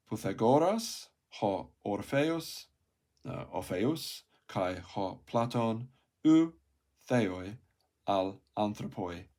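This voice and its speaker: Low-voiced man, unhurried, self-correcting reader working through a textbook. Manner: slow, halting reading, repeating and correcting words; thinks aloud with soft asides. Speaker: language learner reading a textbook aloud. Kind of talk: casual read-through of a Greek textbook.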